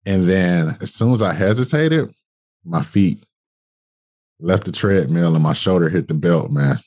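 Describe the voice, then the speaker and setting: Brief: young male podcast guest, low husky voice, casual profane storyteller. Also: unhurried. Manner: animated, colloquial, swearing, acts out dialogue.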